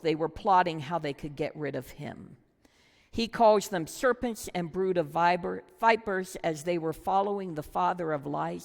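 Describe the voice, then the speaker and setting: A woman's voice: lowish voice, creaky. A woman teaching a Bible study lesson, earnest and reflective, putting questions to her listeners. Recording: long hall reverb.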